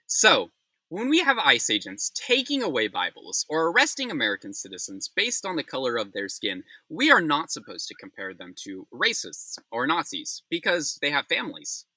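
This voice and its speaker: A man's voice: fairly high pitch, huge pitch swings, moderate pace, sharp tone, no echo. A young man hosting a news recap, reading stories and breaking into angry, profane rants, then apologizing for swearing. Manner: angry, ranting with heavy swearing; apologetic asides between rants. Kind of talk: opinionated news commentary.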